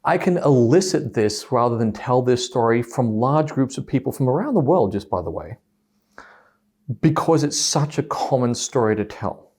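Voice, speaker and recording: Man telling a story with animated pitch. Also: moderate pace. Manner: animated, acts out both sides of quoted dialogue. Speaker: speaker on communication styles. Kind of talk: storytelling talk to an audience.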